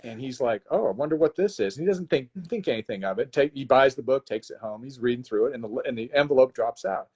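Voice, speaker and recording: Animated man retelling a story. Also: mid-range voice, fast, few pauses, husky. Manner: animated storyteller, frequent restarts. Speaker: guest author. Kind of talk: casual interview, retelling a plot. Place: live stream.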